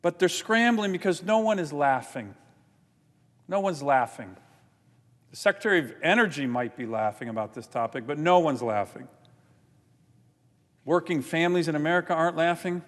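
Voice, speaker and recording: A man giving an indignant, forceful floor speech as a senator, often repeating his points. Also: on the high side, animated, moderate pace, long pauses, big-room sound. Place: large legislative chamber.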